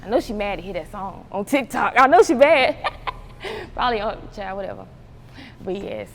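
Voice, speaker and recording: A young woman from North Carolina, telling stories as an interview guest in an animated, profane way, laughing often and acting out voices. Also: mid-range voice, moderate pace, vocal fry, in a large hall, a little hiss or hum. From North Carolina, USA. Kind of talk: casual storytelling interview.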